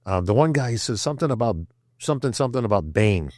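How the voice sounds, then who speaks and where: Animated older man telling stories. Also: medium pitch, fast talker, dry recording, studio quality. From upstate New York. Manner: animated, acts out quotes, says "bro" and "right?". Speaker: podcast guest. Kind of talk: casual storytelling.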